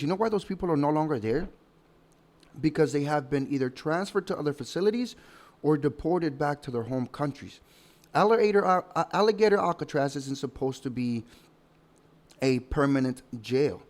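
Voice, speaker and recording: A man of middle pitch talking through his commentary in a calm, measured way. He pauses and restarts now and then, his tone dismissive as he explains his side. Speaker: commentary channel host. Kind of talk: casual commentary.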